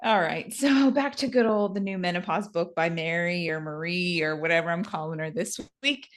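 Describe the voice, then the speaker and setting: A woman's voice: on the low side, normal speed. A woman co-hosting a podcast who chats casually and makes dry, wry jokes. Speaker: podcast co-host. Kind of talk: casual chat.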